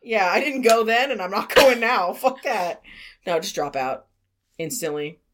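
A woman's voice: medium pitch, lively intonation, a little slow. A young woman cohosting a podcast, chatting casually in a blunt, profane, teasing way. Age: young adult. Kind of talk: casual chat.

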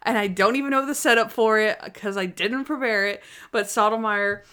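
A woman's voice: on the high side, moderate pace, sharp tone, clean tone. A woman co-hosting a podcast, chatting casually and laughing often as she retells scenes from an episode, acting out the characters' lines. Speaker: podcast co-host. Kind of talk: casual chat recapping a TV episode.

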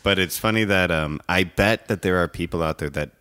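A man with an extremely deep voice, co-hosting a casual podcast chat. He talks in a relaxed, easygoing way and drops amused asides. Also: fairly quick, clean tone. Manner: laid-back, chuckling asides. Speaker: podcast co-host.

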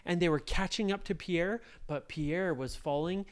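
A woman in her thirties telling a made-up bedtime story to children, slow and playful. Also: lowish voice.

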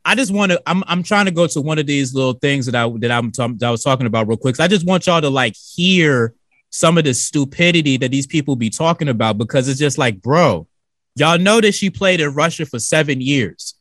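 A man's voice: fairly high pitch, lively intonation, a little fast, fairly bright tone, dry recording. A man co-hosting a radio talk show in a studio, loose and slangy, cursing freely. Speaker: radio co-host.

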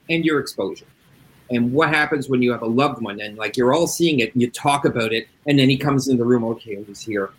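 A man's voice: medium pitch, fairly bright tone, low-quality recording. Blunt, profane middle-aged man. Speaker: addiction interventionist. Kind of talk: casual interview talk.

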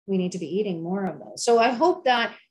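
Her voice sits at a medium pitch with lively intonation, a slightly quick pace, and a somewhat mellow quality. A middle-aged health and wellness chef, she chats enthusiastically in an interview, sounding preachy and repeating herself for emphasis.

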